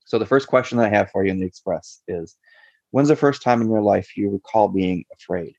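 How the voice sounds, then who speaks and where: A man's voice: lowish voice, brisk, vocal fry, a little mellow, no room sound. Eager male podcast host, lo-fi. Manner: enthusiastic, short agreeing interjections. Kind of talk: casual interview. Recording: dull dry lo-fi sound.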